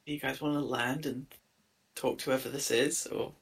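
A man's voice: medium pitch, steady tone, moderate pace, gravelly, fairly bright tone. A man playing a tabletop game, asking curious questions and tripping over his words. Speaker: player.

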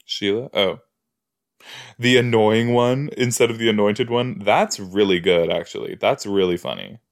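Slow-talking man chatting casually. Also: fairly low pitch, gravelly. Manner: chatty, animated reactions, frequent "like" and "you know". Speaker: podcast host reacting to a TV episode. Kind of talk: casual reaction commentary.

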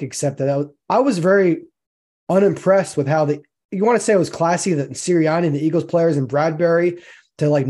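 A man co-hosting a casual sports podcast, venting his disappointment and acting out little quoted asides. His voice sits a bit high for a man and sounds warm and mellow. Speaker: podcast co-host.

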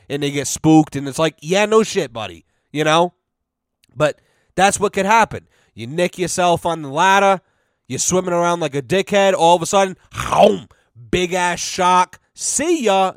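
A man's voice: fairly high pitch, clear, resonant tone, dry recording, studio quality. A man ranting casually as a podcast co-host, profane and rambling, full of repeated fillers.

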